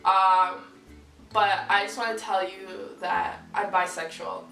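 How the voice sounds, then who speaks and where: A young woman telling a personal story to camera in a candid, lively, swearing casual style. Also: medium pitch, takes it slowly, vocal fry. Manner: candid, lively, swears freely, acts out quoted people. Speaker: vlogger. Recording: roomy echo, voice from far off mic, faint music.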